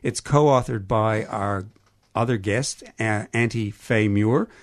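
A man's voice: fairly low pitch, no echo. A man with a Canadian accent, hosting a radio interview from a studio, who often stumbles and restarts. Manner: halting, stumbles over names. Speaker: radio host.

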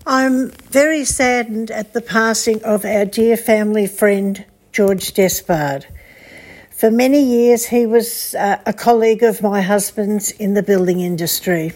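An older woman with an Australian accent giving a spoken memorial tribute, telling stories warmly with a few hesitations. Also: mid-range voice. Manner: warm storytelling with hesitations.

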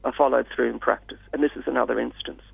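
A man speaking as a radio guest in a measured, hesitant way with many fillers. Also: mid-range voice, steady tone, vocal fry, husky, no echo. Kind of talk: radio interview. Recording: dull lo-fi radio sound, dry.

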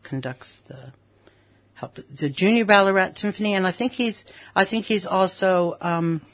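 Soft-spoken American woman, dry close sound. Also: mid-range voice, normal speed, no echo. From United States. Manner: soft, melodic, giggly, with frequent ums. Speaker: interview guest. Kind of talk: relaxed conversational storytelling.

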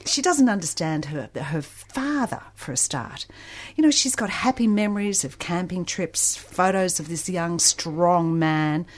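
A woman hosts a radio book program, talking chattily with lively bursts of emphasis. Her voice sits slightly low for a woman and comes across close on a studio mic. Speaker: radio book show host. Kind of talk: radio interview.

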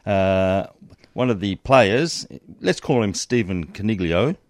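A man's voice: on the low side, expressive, slow pace, no echo, clean studio sound. A man co-hosting a casual sports chat, posing a quiz with frequent ums and uhs. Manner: quizzing, hesitant with many ums. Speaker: co-host.

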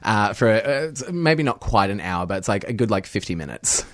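A man's voice: lowish voice, sing-song, normal speed, a bit bright, no echo. A young man, a performer guesting on a radio interview, upbeat and giggly with many ums and likes.

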